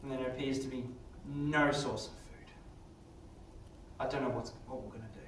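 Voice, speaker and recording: A confused, worried werewolf man, huge and wolf-headed, speaks in a low, subdued, rushed voice, as a man puts him on. The story is told in a strongly echoing room, picked up from a distance. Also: fairly even intonation, slight background noise, natural voice. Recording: echoey room from far off.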